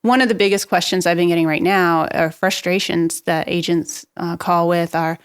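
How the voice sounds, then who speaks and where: A woman guest on a casual podcast explains figures in a measured, matter-of-fact way. Her voice sits somewhat low for a woman and sounds dry and close. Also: steady tone, clean tone, no echo. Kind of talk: casual interview.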